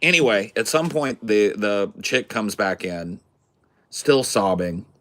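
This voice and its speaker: Lowish voiced dude telling a story, swearing a lot, super animated. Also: male voice, slow pace. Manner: animated, profane, swears freely. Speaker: podcast host. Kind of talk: casual storytelling.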